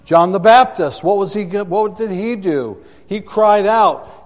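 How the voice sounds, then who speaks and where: A man's voice: high-pitched, takes it slowly, few pauses, long reverb tail. A man preaching a sermon to a congregation, emphatic and repeating words for effect, recorded in a church sanctuary. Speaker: pastor.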